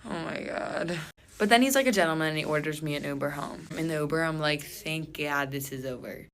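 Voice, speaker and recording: Low-voiced chatty young woman. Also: fast. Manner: chatty, animated, full of "like", bursts of disbelief. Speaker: storyteller. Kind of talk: casual storytime to camera.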